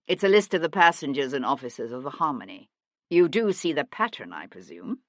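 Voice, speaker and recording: A woman narrator voicing a sharp male nobleman detective who questions in a cool, needling way. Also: extremely low pitch, big pitch swings, fairly quick, no echo. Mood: probing.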